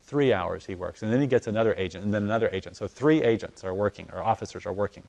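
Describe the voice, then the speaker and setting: A man telling a story in conversation, acting out the dialogue as his voice swings from loud to hushed. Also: fairly low pitch, fast talker, creaky. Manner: animated, acts out dialogue with voice rising and falling. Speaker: guest telling a testimony.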